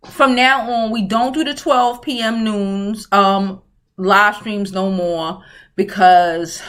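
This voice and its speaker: Sassy, bright-voiced woman livestream host. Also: medium pitch. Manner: blunt, profane and sassy, with frequent laughter. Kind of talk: casual livestream chat, reading viewer comments.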